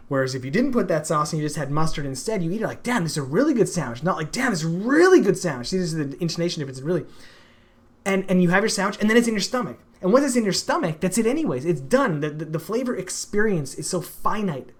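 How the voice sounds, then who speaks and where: An adult man, a father who hosts a stream, rants emphatically about food with lots of swearing. His voice is high and expressive, and he talks fast in this casual, profane chat.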